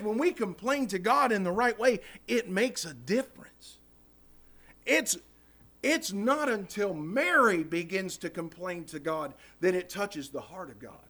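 A man's voice: high voice, a bit bright. A man preaching a sermon in church, impassioned, acting out prayers and calling the congregation "guys.".

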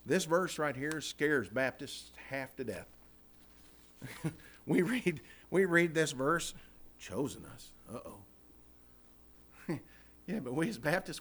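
A Baptist preacher, teaching scripture in a folksy, animated way. His voice sits a little high for a man. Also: measured pace, long pauses, slight background noise. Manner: folksy, animated, repeats "man, I tell you what". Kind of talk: informal Bible study sermon.

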